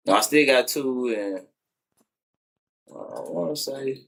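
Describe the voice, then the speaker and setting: A man's voice: on the low side, a little mellow, husky. Wistful man rambling on a livestream. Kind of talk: casual livestream chat. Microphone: phone.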